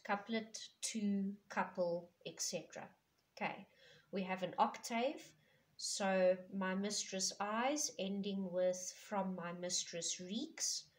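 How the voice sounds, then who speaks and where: A woman from South Africa, an English teacher, explaining a poem in a patient classroom manner with frequent fillers. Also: mid-range voice.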